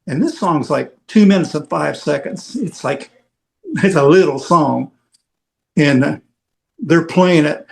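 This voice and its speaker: Rambling, higher-voiced storyteller man. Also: unhurried, gravelly, long pauses, darkish tone. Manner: rambling anecdotal, heavy "you know" fillers. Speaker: veteran rock roadie guest. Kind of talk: casual storytelling on a podcast.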